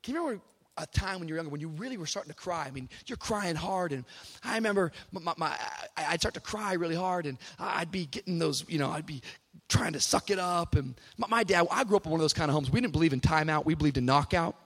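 A young man with a high, light voice preaches to a live church audience. He starts with loose, funny storytelling and rises into fervent preaching, his lines at times half sung. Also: lively intonation, fast, fairly bright tone, in a large hall. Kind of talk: sermon.

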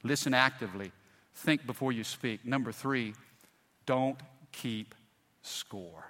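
A middle-aged man preaching a sermon, telling folksy stories and swinging from hushed to loud. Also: medium pitch, slow. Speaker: pastor. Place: large church hall. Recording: long hall reverb.

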